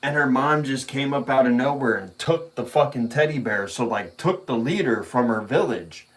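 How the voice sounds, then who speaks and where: A man's voice: mid-range voice, lively intonation, moderate pace. Laid-back, cursing man rambling casually. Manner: laid-back rambling storytelling with profanity and laughter. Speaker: vlogger. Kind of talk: casual chat.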